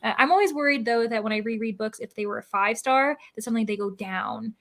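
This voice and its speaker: A woman's voice: fairly high pitch, big pitch swings, fast, creaky, fairly bright tone. A young woman hosting a reading livestream, chatting casually and reading out chat messages with many likes and ums. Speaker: host of a livestreamed reading sprint.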